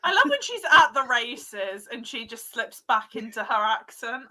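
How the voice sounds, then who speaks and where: A woman joining a casual group video chat as a guest, excitable and laughing as she talks. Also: on the high side, moderate pace.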